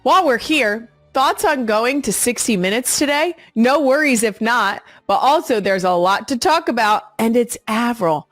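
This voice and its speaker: Sassy thirties woman hosting her podcast, cusses freely, kinda high voice, dead dry studio mic. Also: animated, moderate pace, hardly any pauses, no echo, faint music behind. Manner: blunt, sassy, swears freely. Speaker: podcast host. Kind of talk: casual monologue.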